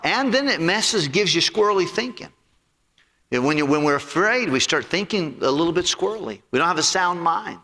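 Man, pastor preaching, animated sermon delivery, lively swooping pitch, long church reverb. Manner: animated preaching with repetitions and acted-out quotes.

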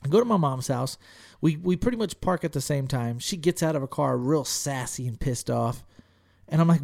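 Animated, gravelly-voiced man telling a story. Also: normal speed. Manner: animated, profane, acts out quotes in a raised pitch. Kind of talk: casual storytelling chat.

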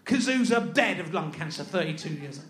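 A man's voice: high voice, lively intonation, a little fast, fairly bright tone. A male stand-up comedian performing live, sarcastic and incredulous, teasing the audience as he reads out a list. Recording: echoey venue with audience laughter.

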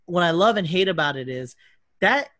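A man hosting a loose podcast conversation, talking at length in a rambling, profane way and restarting his sentences often. His voice sits a little high for a man. The sound is close and dry. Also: expressive, normal speed, pushed and bright, no echo. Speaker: podcast host. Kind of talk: casual chat.

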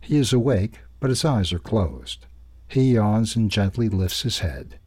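Male reader, low-pitched and dry, steady even narration. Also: unhurried, husky, dry recording. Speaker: newsletter reader. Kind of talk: scripted narration.

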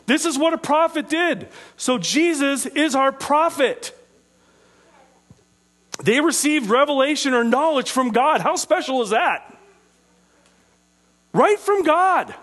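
High-voiced man preaching to listeners. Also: a bit bright. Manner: asks the listeners questions, slows down on key phrases. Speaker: preacher teaching a group. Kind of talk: interactive sermon.

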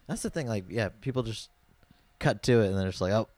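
A woman's voice: rumbling low, animated, a little fast, warm tone, no echo. A woman hosting a casual podcast, chiming in with short reactions and laughs. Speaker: podcast host.

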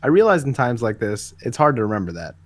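Guy reading a superhero speech out loud, earnest and measured, dead dry mic, a bit far off. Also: medium pitch, big pitch swings, no echo. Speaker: podcast co-host. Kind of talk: reading a comic speech aloud.

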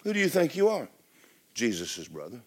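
A man preaching a sermon as pastor, swinging from loud exclamations to hushed, near-whispered lines. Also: mid-range voice, huge pitch swings, moderate pace, breathy edge.

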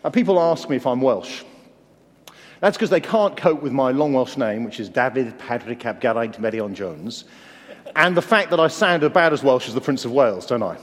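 A man's voice: medium pitch, normal speed. An English man preaching a sermon, earnest and conversational, with self-deprecating humor. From England. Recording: long hall reverb.

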